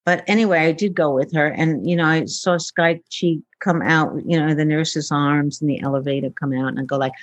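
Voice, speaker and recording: Here a futurist woman recounts personal experiences in a casual interview, with plenty of fillers and acted-out lines of dialogue. Her low voice holds a fairly even intonation, moving a little fast with few pauses. The recording is dry.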